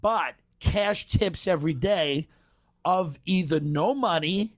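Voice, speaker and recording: A man telling a profane comic story in a podcast chat, with brash, quick asides. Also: high voice.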